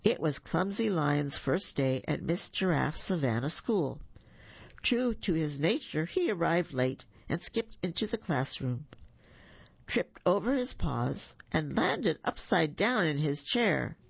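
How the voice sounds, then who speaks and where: A storyteller reading children's stories aloud, with gentle chatty asides to the listeners. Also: mid-range voice, expressive, takes it slowly, creaky, husky, dry recording. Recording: muffled lo-fi recording.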